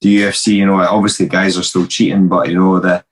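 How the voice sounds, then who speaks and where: A man's voice: low-pitched, flat delivery, fast. A young man with a Scottish accent, a fighter talking as a podcast guest, swearing freely and laughing through his stories. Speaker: guest, professional MMA fighter. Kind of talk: casual podcast chat.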